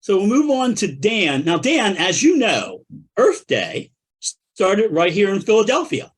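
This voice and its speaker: A man leads a casual band chat, dropping dry jokes between prompts. His voice is high and lively, with a husky edge. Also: measured pace. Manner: dry, joking asides. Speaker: band member leading the segment.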